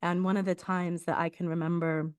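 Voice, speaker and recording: A reflective woman talking through personal memories in a relaxed podcast chat. Her voice sits a little low and she breaks into laughter often as she speaks. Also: brisk. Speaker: podcast host. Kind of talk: casual spiritual conversation.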